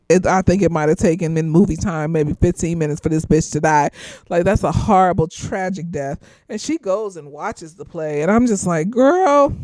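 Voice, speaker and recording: Animated, profane woman recapping a movie. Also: on the low side, dry recording. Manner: animated, swearing freely, laughing, acting out characters. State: slightly tipsy. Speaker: movie reviewer.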